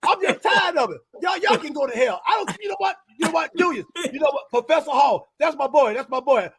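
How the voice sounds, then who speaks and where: A defiant, cussing old man rants and hollers at anyone who would tell him what to do, as a man puts him on. The voice sits very high and keeps breaking into shouts. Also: lively intonation, fast talker, background noise. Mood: ranting defiant. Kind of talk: impression on a talk show.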